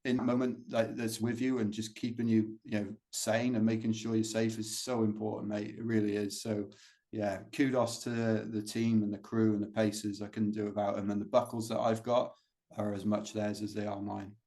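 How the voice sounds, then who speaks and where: A man's voice: on the low side, level tone, moderate pace, warm tone. A British man, an ultrarunner guest, talking casually in an interview, rambling on with lots of fillers and restarts. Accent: British English. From Britain. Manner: rambling storytelling with many fillers.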